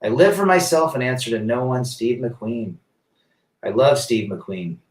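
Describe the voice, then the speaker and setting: A man's voice: mid-range voice, animated, unhurried, far from the mic. Man live-streaming in a roomy echo. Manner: reads viewer comments aloud and riffs on them; emphatic, rhetorical questions. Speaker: livestream host reading chat. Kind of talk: casual live-stream commentary. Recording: roomy echo, set back from the mic.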